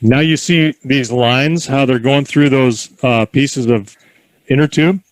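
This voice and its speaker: A man giving calm, encouraging instructions in an outdoor horse corral, mixing in folksy stories. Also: mid-range voice, slow pace, no room sound, low-quality recording. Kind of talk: outdoor coaching with anecdotes.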